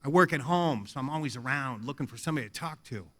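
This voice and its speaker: A man's voice: mid-range voice, fast. A man giving a funny recovery talk at a convention, telling casual stories and acting out conversations. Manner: animated, casual, swears, acts out dialogue. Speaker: AA convention speaker. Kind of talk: humorous recovery talk, storytelling. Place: hotel convention hall.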